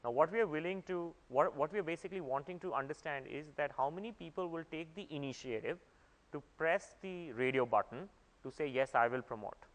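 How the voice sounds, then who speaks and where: A man's voice: a little high, brisk. A man speaking at a conference, explaining at length and often restarting his phrases. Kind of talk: conference talk. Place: conference hall. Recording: echoey conference hall.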